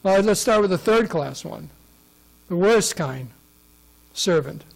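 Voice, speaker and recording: A man's voice: high voice, expressive, measured pace, creaky, rough recording. A man giving a scripture class, conversational and often asking his listeners questions. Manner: conversational, asks the audience questions. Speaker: class speaker.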